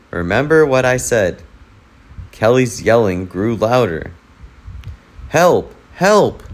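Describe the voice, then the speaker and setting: Man reading a kids' book aloud, low voice, very unhurried. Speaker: narrator.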